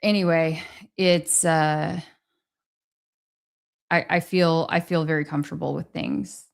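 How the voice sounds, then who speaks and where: A woman's voice: low-pitched, steady tone, slow, creaky. A woman hosting a casual livestream, chatting with viewers and thanking them for their messages. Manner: chatty, reads and thanks viewers' super chats. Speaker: livestream host.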